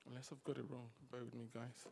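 A man preaching a sermon to a congregation, swinging between loud exhortation and quiet asides. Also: medium pitch, flat delivery, fast talker, vocal fry, slight background noise. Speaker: pastor. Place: church service.

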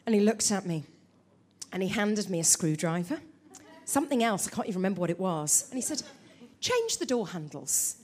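A woman preaching a sermon, telling a story with animated delivery and calling out to the congregation. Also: medium pitch, brisk.

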